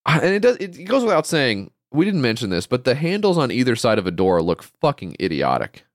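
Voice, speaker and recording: A man's voice: mid-range voice, huge pitch swings, fairly quick, no echo, studio quality. A man co-hosting a podcast, chatting casually and ranting in exasperation. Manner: exasperated ranting, swears a lot. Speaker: podcast co-host. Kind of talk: casual chat.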